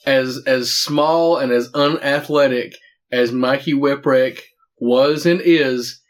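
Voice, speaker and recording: A man's voice: mid-range voice, fairly even intonation, takes it slowly. Mid-voiced man, joking side voice in casual chat. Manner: interjects crude jokes, chuckling.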